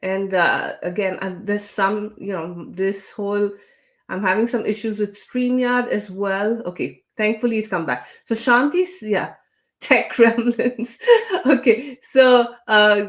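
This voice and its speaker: A woman's voice: medium pitch, fairly bright tone. A woman hosting a casual livestream interview, talking with many fillers and reading out viewer comments. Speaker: livestream host.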